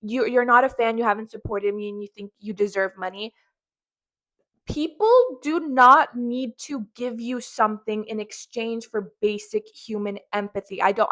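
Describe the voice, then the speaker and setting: A woman hosts a reaction commentary, speaking angrily and swearing often. Her voice sits at an ordinary middle pitch for a woman. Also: fairly bright tone. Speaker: commentary host.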